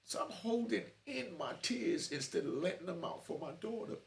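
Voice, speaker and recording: A man's voice: sits high, lively intonation, normal speed, creaky. A middle-aged man telling his own story to camera in a streetwise way, often asking "you know what I mean". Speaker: host.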